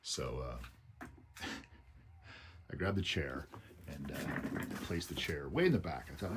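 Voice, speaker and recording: A man casually telling a rambling personal anecdote in his small home, halting with fillers. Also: extremely low pitch, big pitch swings, very noisy. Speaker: vlogger. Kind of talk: casual storytelling. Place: small low-ceilinged home.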